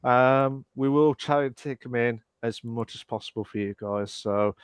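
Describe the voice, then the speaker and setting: A man co-hosting a casual live podcast, rambling through his points with lots of fillers and quick apologies. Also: mid-range voice, clear, resonant tone, dry recording. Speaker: podcast co-host.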